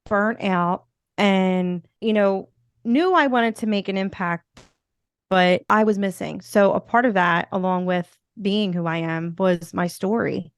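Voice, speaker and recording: Smooth-voiced woman with a Philly accent. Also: medium pitch, unhurried, dry recording. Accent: Philadelphia. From Philadelphia, USA. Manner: upbeat, rambling with many "you know" fillers. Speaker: podcast guest, motivational speaker. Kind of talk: casual interview chat.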